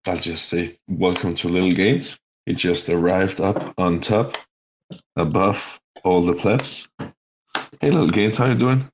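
A man's voice: low-pitched, measured pace, slight background noise, rough recording. A man co-hosting a casual online chat, bantering and playfully indignant. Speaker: co-host.

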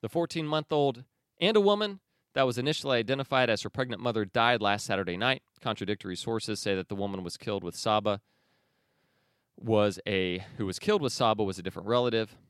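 A man hosting a news commentary podcast, opinionated and sarcastic, often pausing with fillers and restarts. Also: fairly low pitch, a bit bright, smooth, no echo, clean studio sound. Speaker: podcast host.

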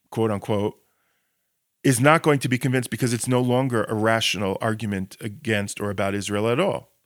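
A man's voice: medium pitch, dry recording. A man in a podcast discussion argues his point with real heat, firing off sarcastic rhetorical questions and tripping over repeated words as his thoughts race ahead. His voice sits in a middling register. The recording is close and dry. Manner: frequent restarts and repeated words when building a point. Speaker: Israel educator and podcast co-host.

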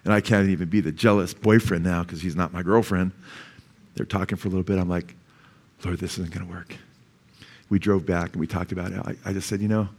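A middle-aged male pastor giving a conversational sermon, mixing personal stories with scripture and asking "amen?" often. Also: fairly low pitch. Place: church.

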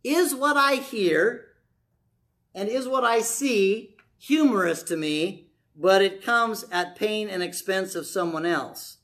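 A man's voice: sits high, takes it slowly, a bit bright. A man preaching a conversational sermon to his congregation, telling stories and acting out quoted voices.

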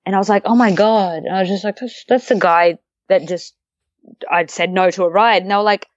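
A young woman, a guest telling a story in a relaxed, chatty way, often laughing and acting out the voices of the people in it. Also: medium pitch, a little fast, no echo, lo-fi sound. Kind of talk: casual storytelling interview.

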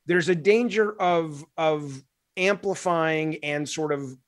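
An animated man from Alabama talks shop in a casual conversation, acting out little quoted scenes and swearing freely. His voice sits a bit higher than most men's, and the sound is close and dry. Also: slow pace, no echo. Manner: animated, profane, acts out quotes. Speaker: game developer guest.

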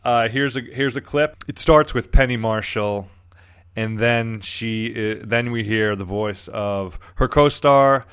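Man, smooth low voice, casual rambling commentary host. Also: takes it slowly, fairly bright tone. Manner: rambling, many restarts.

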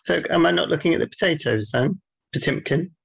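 A man with a gravelly, husky voice, trading dry, deadpan teasing with his co-host in a loose podcast chat. The sound is dull and a little lo-fi, and the voice sits at an ordinary pitch. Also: a little fast. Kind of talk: casual podcast banter.

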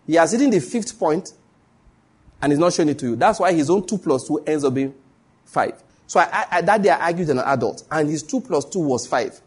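Man, Nigerian accent, pastor, sermon storytelling, husky, higher-pitched, emphatic. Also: lively intonation, a little fast. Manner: emphatic, repeats key phrases for stress; dramatic shifts between hushed and raised voice. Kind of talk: live-streamed sermon with storytelling.

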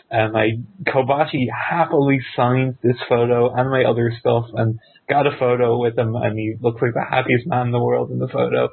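A man telling a long personal story as a podcast guest, rambling and excitable with lots of fillers. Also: medium pitch, vocal fry, slightly rough. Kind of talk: casual storytelling. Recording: tinny phone-like line.

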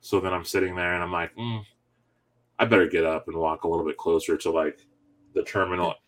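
Man with a low voice telling a story. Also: fairly quick, slight background noise. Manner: animated, laughs often while telling a story. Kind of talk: casual chat.

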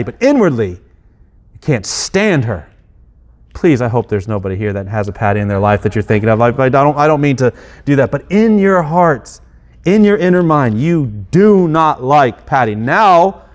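A middle-aged man preaches to his church in an easy, conversational way, breaking off into quick acted asides and restarting his sentences. His voice sits at an ordinary pitch for a man, neither high nor low. He jokes at his own expense between earnest points. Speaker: pastor. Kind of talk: sermon.

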